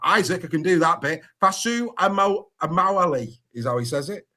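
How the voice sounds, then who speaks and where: A man with a fairly high voice hosts a casual sports podcast. He talks in a chatty, lively way and stays good-humoured as he trips over hard names. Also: a little fast. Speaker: podcast host.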